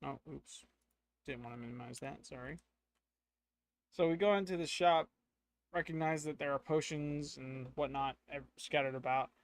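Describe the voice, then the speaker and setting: A man's voice: fairly high pitch, moderate pace, long pauses, clear, resonant tone, no room sound. Man thinking aloud through a solo game. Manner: thinking aloud, hesitant with fillers. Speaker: solo tabletop game narrator. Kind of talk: narrating a solo tabletop game.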